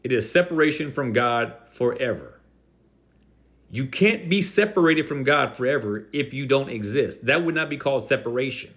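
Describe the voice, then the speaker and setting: A man's voice: mid-range voice, expressive, fairly bright tone. Combative man rebutting an opponent. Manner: combative, stresses key words with slow drawn-out emphasis. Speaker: Christian apologetics video host. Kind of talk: direct-address rebuttal.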